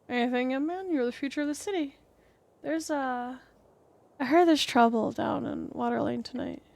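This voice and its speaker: An earnest street newspaper seller in a story-driven game urges a young man to look into trouble in town, as a woman streamer puts him on. The voice sits a little high and is only lightly acted. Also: moderate pace, gravelly, darkish tone, no echo. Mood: urging.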